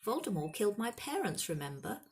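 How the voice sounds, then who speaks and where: A woman's voice: medium pitch, very animated, brisk, darkish tone, voice pushed up. A woman voicing a bold eleven-year-old boy wizard in a storybook reading, talking urgently and intensely. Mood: impassioned.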